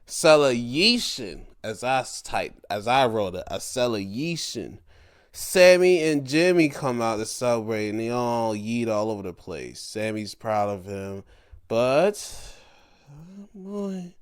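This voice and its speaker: Man, wrestling review host, slow drawl, very lively pitch, excitable reactions. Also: smooth. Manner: excitable, swings into high-pitched reactions, laughs. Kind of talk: casual solo review.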